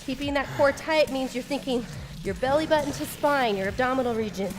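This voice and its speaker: Sitting high in pitch and moving fairly quickly, a woman instructs a home-style workout with music behind her. She stays encouraging and upbeat while clearly losing her breath.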